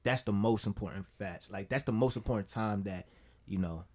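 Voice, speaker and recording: Deep-voiced laid-back New man. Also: normal speed, a little mellow. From Brooklyn, New York. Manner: laid-back, rambling, fills with "you know what I'm saying". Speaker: guest musician. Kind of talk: casual podcast chat.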